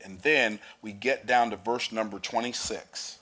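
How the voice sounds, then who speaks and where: A man's voice: lowish voice, steady tone, moderate pace, few pauses, sharp tone. A man preaching a sermon, reading scripture aloud and explaining it with emphatic, rising declarations.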